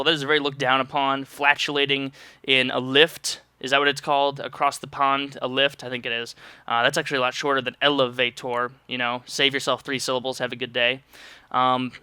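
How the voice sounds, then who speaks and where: A man's voice: medium pitch, flat delivery, brisk, bright, forceful tone, clean tone, no echo. A young man vlogging to his viewers, answering their questions in a loose, joking ramble with sarcastic asides. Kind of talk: casual rambling monologue.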